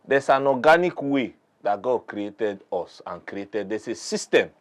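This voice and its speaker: A Nigerian-accented man appears as a guest in a heated talk-show debate, pressing his side in an emphatic, preachy manner. His voice is medium-pitched and animated, and he doesn't hurry.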